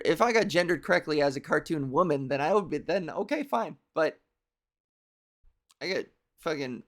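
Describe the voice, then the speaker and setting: A young woman with a scratchy, cartoony voice hosts a comedy stream in a rambling, profane, self-deprecating way. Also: lowish voice. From Canada. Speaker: comedy show host. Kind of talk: casual live-stream monologue.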